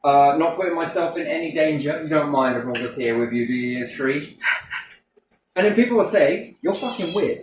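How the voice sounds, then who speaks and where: A man's voice: a little high, moderate pace. A man telling rambling, profane anecdotes in a casual chat, heavy on swearing. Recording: roomy, distant mic, faint noise.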